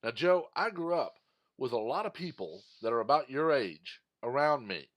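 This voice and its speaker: A man from Texas, mid-pitched, holds forth in a heated commentary monologue. His delivery is indignant and emphatic, pressing his points hard as he rants. He sounds like a regular talking straight to his viewers. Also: sing-song, moderate pace. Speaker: political commentator.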